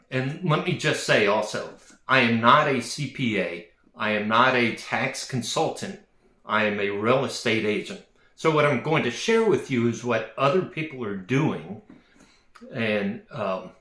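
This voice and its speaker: A man who works as a real estate agent explains a topic in a measured, plain-spoken way with frequent fillers. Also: medium pitch, bright, forceful tone, echoey room. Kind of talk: explanatory talk to camera.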